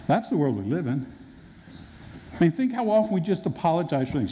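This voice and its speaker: Pastor guy preaching, lively up-and-down voice, kinda mellow tone, echoey hall w/ faint hiss. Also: on the high side, brisk, long pauses. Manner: conversational, animated, acts out quotes. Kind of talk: sermon. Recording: reverberant hall with faint noise.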